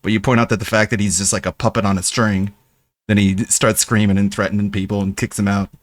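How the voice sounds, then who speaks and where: A man's voice: lowish voice, little pitch movement, fast, no room sound. A man casually mocking another streamer while commenting.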